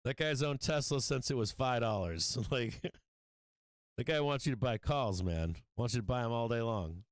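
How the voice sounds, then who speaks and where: A man's voice: medium pitch, normal speed, no room sound. A man hosting a stock market livestream, talking casually and bluntly, swearing often and laughing a lot. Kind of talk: casual trading livestream talk.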